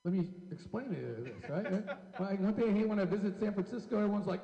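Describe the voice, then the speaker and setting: A man with a high, mellow voice doing stand-up on a club stage. He talks brashly and profanely and needles the audience. The sound rings with the long echo of a roomy hall. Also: animated, quick pace, vocal fry, hardly any pauses. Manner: brash, profane, teasing the crowd. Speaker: stand-up comedian. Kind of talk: stand-up comedy set. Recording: echoey hall.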